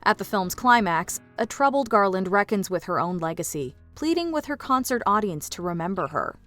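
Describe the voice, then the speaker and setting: A woman's voice: medium pitch, normal speed, soft background music. Polished woman narrating a countdown. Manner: polished, even, informative. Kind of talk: scripted narration.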